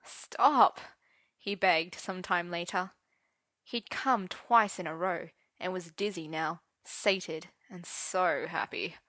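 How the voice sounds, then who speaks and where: Bright-voiced woman narrating a story. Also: on the low side, takes it slowly, no echo, clean studio sound. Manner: expressive, switching voices for characters. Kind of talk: audiobook narration of romance fiction.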